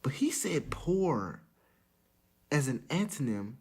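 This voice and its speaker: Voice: medium pitch, very animated, normal speed, breathy edge. A podcast co-host reacting to clips with incredulous questions. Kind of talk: casual commentary on video clips.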